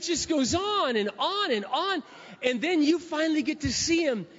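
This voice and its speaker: A man preaching a sermon in a lively storytelling style, retelling a scene with dramatic acted quotes. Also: extremely high pitch, normal speed. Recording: dull lo-fi with long hall reverb.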